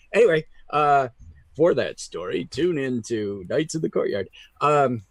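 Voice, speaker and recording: A man rambling casually through his upcoming games, stopping often to hunt for words. His voice sits at an ordinary mid pitch. The sound is dry and close, with no room echo. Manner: rambling, many fillers and restarts. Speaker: tabletop game player. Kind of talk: casual chat.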